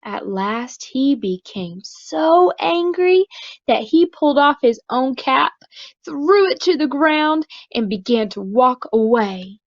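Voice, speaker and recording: A woman preschool teacher reading a storybook aloud to young children, slow and expressive, then asking soft, gentle questions. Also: a little high, no room sound, dull audio.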